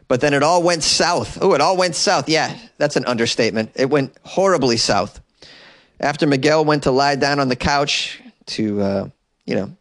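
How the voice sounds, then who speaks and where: A man of middle pitch hosts a comic news show from a cramped closet, his voice close and dry with no room sound. He wanders off into joking tangents, then yelps up high when something outrages him. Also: no room sound. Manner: rambling, joking asides with sudden high exclamations. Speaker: podcast host and comedian. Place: small closet in an apartment. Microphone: desk mic in closet.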